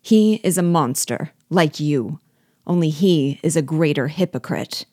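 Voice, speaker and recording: Brief: woman voicing a scornful young male prisoner; low, dry audiobook read. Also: measured pace, darkish tone, no echo. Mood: defiant. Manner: disdainful, curt. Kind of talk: audiobook character reading.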